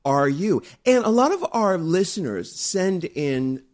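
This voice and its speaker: A man's voice: sits high, big pitch swings, measured pace. A middle-aged man co-hosting a podcast, effusive and campy, chatting and reading an ad. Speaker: podcast co-host. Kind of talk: casual chat and read ad.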